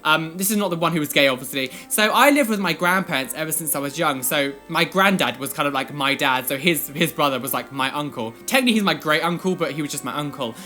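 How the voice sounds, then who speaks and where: Man in his twenties, chatty vlog storytelling, lots of "like", quick delivery, faint music behind. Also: a little high. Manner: animated, rambling, full of "like" fillers. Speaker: vlogger. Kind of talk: casual personal storytelling.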